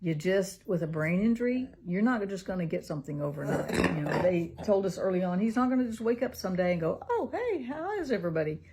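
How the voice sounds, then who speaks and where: A woman's voice: fairly low pitch, lively intonation, fast talker, few pauses, warm tone, slight background noise. A middle-aged woman, a caregiving mother, talking earnestly in a personal vlog, laughing often and sometimes dropping to a whisper.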